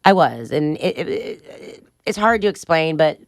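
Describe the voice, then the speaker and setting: A woman's voice: low voice, animated, normal speed, no room sound, clean studio sound. A middle-aged woman as a podcast guest, telling a wild story bluntly and profanely, laughing along as she goes. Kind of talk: candid storytelling interview.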